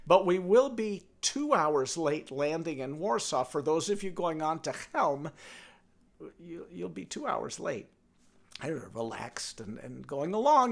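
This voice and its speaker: An older man spins a village folktale. His voice is high and gravelly, and his pitch leaps all over. He is playful and animated, as if he is sharing the tale with a friend. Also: a little slow. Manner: animated, playful, talks to his donkey puppet. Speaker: storyteller. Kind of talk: oral folktale telling.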